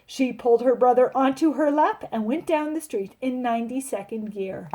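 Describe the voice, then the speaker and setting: A woman teacher reading a picture book aloud to children, with expressive storytelling. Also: a little high, normal speed.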